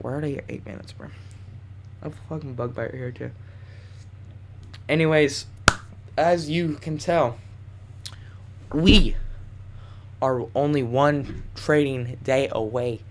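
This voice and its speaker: A young man vlogging, telling a wild story in casual slang with plenty of swearing and animated bursts. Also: mid-range voice, gravelly, a little hiss or hum.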